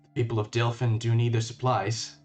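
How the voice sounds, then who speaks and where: A man's voice: mid-range voice, flat delivery, fairly quick, darkish tone, soft background music, natural voice. A man voicing a weak, wounded young male shopkeeper who stammers and is winded as he talks. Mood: weary.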